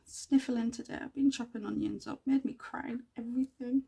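A woman hosting a casual crafting tutorial, chatting and thinking aloud as she works, with quiet muttered asides to herself. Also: a little high, fairly even intonation, brisk, vocal fry, breathy edge. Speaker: craft channel host.

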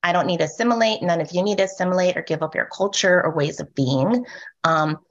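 A woman leads a panel discussion in a soft, low-set voice whose sentences lift at the end like questions. She fills pauses with "um" and checks in with her listeners. The sound is dull and lo-fi, like a video call. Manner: soft voice with rising lilt at sentence ends; frequent "um" and "right?" check-ins. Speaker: panel moderator.

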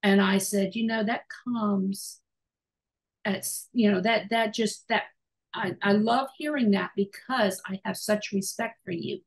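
Husky, gravelly-voiced woman host. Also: mid-range voice, fairly even intonation, measured pace, rough recording. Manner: rambling, reflective, many fillers. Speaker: podcast host. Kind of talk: conversational interview. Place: podcast studio.

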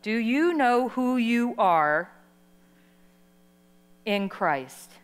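A middle-aged woman preaching a sermon, telling a story with lively acted-out quotes and calling for responses from the audience. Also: fairly high pitch, very slow, clear, resonant tone. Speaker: guest preacher. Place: large hall. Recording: live sermon in a reverberant hall.

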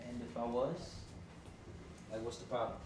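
A cool, dismissive man , put on by a woman, speaks very deep and almost monotone. His replies are curt and offhand. The sound rings a little in an echoey room. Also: moderate pace, a little hiss or hum.

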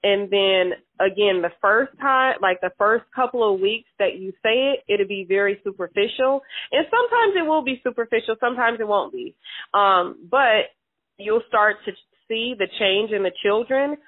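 A woman's voice: medium pitch, animated, moderate pace, dry recording. Chatty mother on a tinny phone line. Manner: loose and chatty, full of fillers and restarts. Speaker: interviewed mother. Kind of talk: casual chat.

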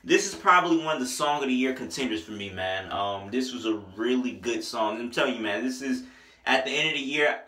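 A man's voice: medium pitch, expressive, fairly quick, pushed and bright, roomy sound. A young man reviewing an album in a loose, joking, slangy way, breaking into bits of song. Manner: loose, joking, slangy, sings snippets of songs. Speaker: music reviewer. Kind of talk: casual album review vlog.

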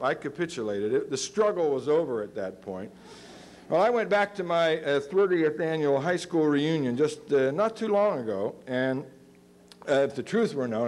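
A man of about fifty giving a lecture in a university auditorium, telling stories animatedly and acting out the voices in them. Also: on the high side. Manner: animated, acts out quoted voices. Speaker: guest lecturer. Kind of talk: storytelling lecture.

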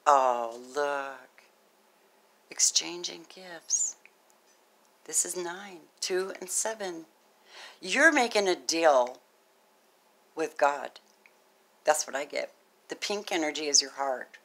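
A woman giving a casual tarot reading to camera, gushing and excitable, swinging from loud exclamations to hushed murmurs. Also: low voice, slow, long pauses. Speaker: tarot reader.

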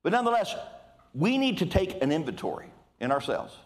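Animated older male preacher. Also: high voice, a little fast. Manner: animated, conversational preaching with asides. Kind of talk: sermon.

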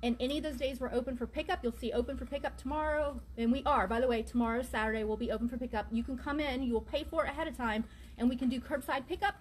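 A woman who owns a vintage store chats through a live shopping sale, announcing item numbers and prices even though she is losing her voice. She talks fast in a high-pitched, steady tone, with slight background noise.

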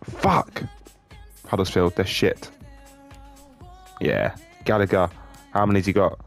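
A man commentating on his own football game, swearing a lot and swinging between glum muttering and excited shouting. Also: low-pitched, takes it slowly, vocal fry, faint music behind. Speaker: gaming YouTuber.

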